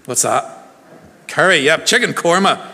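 Minister, fairly high voice, playful, quizzing his flock, in a reverberant church. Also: expressive, measured pace, sharp tone. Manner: chatty, jokey, quizzing the congregation. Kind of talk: harvest service sermon.

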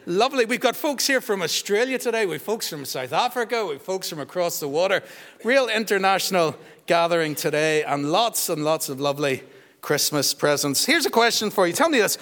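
Pastor, man, high voice, quizzing kids into a handheld mic, long church reverb. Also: animated, fairly quick. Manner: warm, teasing, quizzes children. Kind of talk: children's talk in a church service. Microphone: handheld microphone passed around.

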